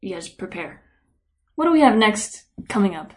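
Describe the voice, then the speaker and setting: A woman's voice: medium pitch, very animated, moderate pace. Playful, rambling woman podcaster. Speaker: podcast co-host. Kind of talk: casual chat.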